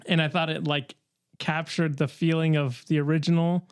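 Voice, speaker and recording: A man's voice: on the high side, flat delivery, moderate pace, clear, resonant tone, no room sound. A man co-hosting a casual podcast, enthusiastic about what he likes. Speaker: podcast co-host. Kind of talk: casual chat.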